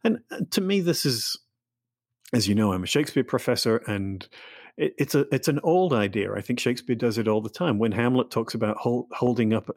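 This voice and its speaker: A man's voice: mid-range voice, a little mellow, dry recording, studio quality. A man, an author and literature professor, speaking thoughtfully in an interview with frequent restarts, then reading from his novel. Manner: thoughtful, halting with restarts and fillers.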